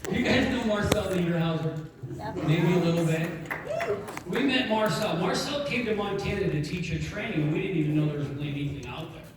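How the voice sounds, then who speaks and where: A man giving an energetic motivational talk to an audience, telling stories and acting out both sides of a conversation. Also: sits high, brisk, a loud crowd. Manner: energetic storytelling, acts out dialogue. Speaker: network marketing speaker. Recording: echoey hall, mic from a distance.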